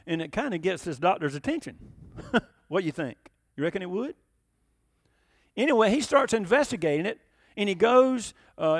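High-voiced preacher with a drawl. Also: male voice, dry recording, clean studio sound. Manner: emphatic, conversational preaching with rhetorical questions. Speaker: pastor. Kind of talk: sermon.

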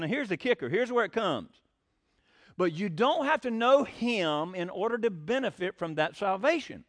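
A man's voice: high voice, animated, normal speed, fairly bright tone, no echo, clean studio sound. A man preaching a sermon, folksy and blunt, with sarcastic asides.

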